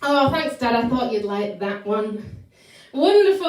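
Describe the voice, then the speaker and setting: A woman's voice: on the high side, sing-song, a little slow, darkish tone. A woman singer and performer introducing songs in a bubbly, chatty way, talking straight to her audience during a live stream. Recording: very echoey room, mic at a distance, backing music.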